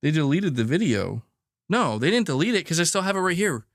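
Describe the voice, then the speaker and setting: A man's voice: fairly high pitch, big pitch swings, brisk, dry recording, clean studio sound. A man hosting a gaming news show in casual chat, rambling, exasperated and jokey.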